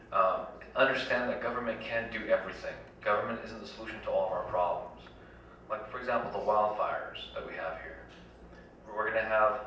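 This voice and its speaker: A man's voice: lowish voice, sharp tone, a little hiss or hum. A man giving an earnest, rallying town hall campaign speech, stacking repeated phrases, in a community center hall. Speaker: congressional candidate. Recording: echoey hall, dull lo-fi, from far off.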